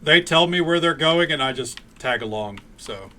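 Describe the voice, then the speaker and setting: A man's voice: on the high side, animated, moderate pace, pushed and bright. Ranting, foul-mouthed male streamer. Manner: ranting, blunt, swears often. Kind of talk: casual gameplay stream chat.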